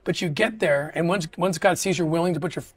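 A middle-aged man's voice, a little high with a breathy edge, belongs to a guest in a casual interview. He speaks earnestly, hesitating and restarting his sentences often.

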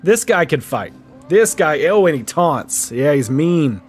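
A man's voice: on the high side, sing-song, a little slow, faint music behind. A man casually commentating his own gameplay, joking and reacting playfully. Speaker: gaming YouTuber. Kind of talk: casual let's-play commentary.

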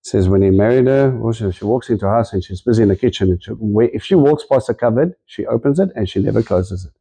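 A man's voice: lowish voice, expressive, fast talker, dark tone, breathy edge. A man preaching a sermon in a conversational, storytelling way, acting out the quotes in his stories.

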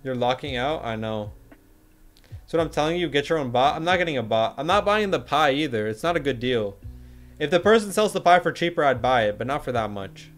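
A man's voice: medium pitch, animated, fairly quick, soft background music. A young man casually chatting on a livestream, joking, using slang and reading chat messages aloud.

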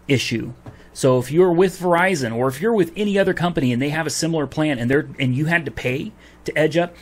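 A man venting to camera about a phone refund, heated and swearing as he retells his argument with a store clerk. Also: medium pitch. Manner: heated, swears, recounts dialogue. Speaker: vlogger. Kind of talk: angry customer rant to camera.

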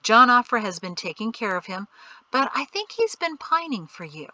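Brief: easygoing male guide, calm and dry-humored, read by a woman narrator, bright tone. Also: extremely high pitch, normal speed, no echo, lo-fi sound, heavily acted. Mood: wry.

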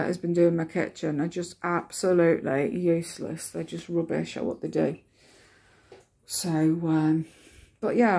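A woman's voice: lowish voice, a little mellow. A woman talking casually to camera in a home vlog, frustrated and ranting, swearing freely and rambling with lots of fillers. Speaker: vlogger.

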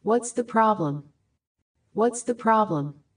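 A woman slowly and clearly reading short English phrases for learners, saying each one twice. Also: fairly high pitch, lively intonation.

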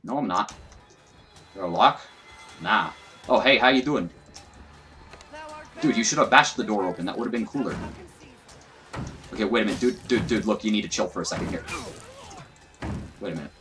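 A man's voice: on the low side, moderate pace, long pauses, sharp tone, soft background music. A young man giving casual, profane, self-mocking commentary while playing a video game. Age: young adult. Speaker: gaming YouTuber. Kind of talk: let's play commentary.

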